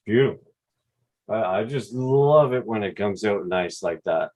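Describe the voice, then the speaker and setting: A man with a Quebec accent, hosting a relaxed, rambling livestream chat over a video call with some mild swearing. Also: lowish voice, a little slow. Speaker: drone channel host.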